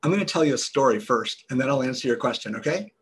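A man, a business guest on a podcast, explaining ideas in a measured storytelling way. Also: mid-range voice, animated, breathy edge. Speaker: guest entrepreneur.

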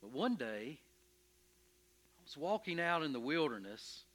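A man playing Moses in a dramatic first-person sermon, telling his story with emphatic, expressive energy and stammering when anxious. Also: fairly high pitch, takes it slowly, full character voice. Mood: earnest. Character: Moses, earnest, stubborn, curious shepherd. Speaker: preacher in character.

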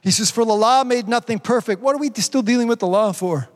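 A man's voice: very high voice, fast talker, in a large hall. A man preaching a sermon as pastor, calling out to the congregation and asking rhetorical questions. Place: church.

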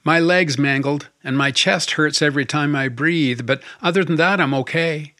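A man's voice: a little high, moderate pace, pushed and bright, no echo. Guy reading a hurt husband who's sorry and hopeful, earnest and plain, dry close sound. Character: injured husband, middle-aged man, contrite and hopeful. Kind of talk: audiobook character voice.

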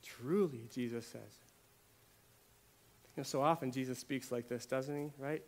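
A man preaching a sermon, swinging between hushed, quiet lines and loud, emphatic ones, often repeating words for emphasis. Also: medium pitch, measured pace, long pauses.

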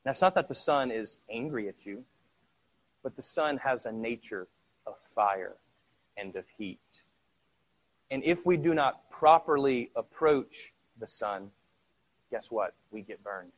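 A middle-aged man preaching a sermon in a conversational way, asking the congregation rhetorical questions, sometimes dropping to a hush and then rising loud. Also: mid-range voice, animated, measured pace, long pauses. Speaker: pastor.

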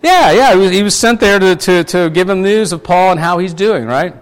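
A man's voice: sits high, expressive, brisk. A man preaching a conversational sermon, asking his congregation questions and restarting his sentences often. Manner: chatty, asks the congregation questions; many fillers and restarts. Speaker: pastor.

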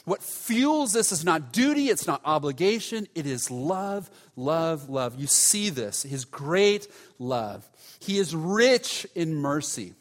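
A man's voice: fairly high pitch, big pitch swings, slow, in a large hall. A male pastor preaching a sermon in an emphatic, conversational way, stressing key words by repeating them.

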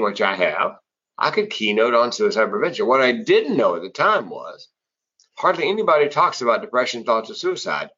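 A middle-aged man with a husky voice, a public speaker and former comedian telling stories in an interview and acting out the people he quotes. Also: mid-range voice. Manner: animated storyteller who acts out quoted voices. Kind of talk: conversational storytelling in an interview. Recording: slightly dull, lo-fi audio.

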